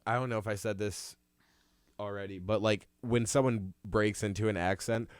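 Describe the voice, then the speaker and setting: A man's voice: lowish voice, fairly even intonation, moderate pace, clean tone, no room sound, clean studio sound. A man hosting a casual podcast, talking in loose rambling sentences and laughing along with his guest. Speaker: podcast host.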